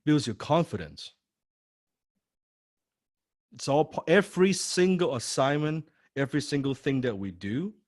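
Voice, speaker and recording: Teaching a live sales class, this male trainer has a mid-range, darkish voice captured on a close, dry mic with no echo. His style is emphatic and repetitive; he hammers key phrases and role-plays phone calls.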